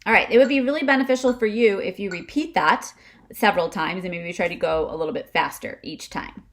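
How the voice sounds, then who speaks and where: Teaching music on video, this woman keeps things chatty, asks "okay?" often, and demonstrates breath kicks through quick huffs. She speaks at medium pitch, a little fast.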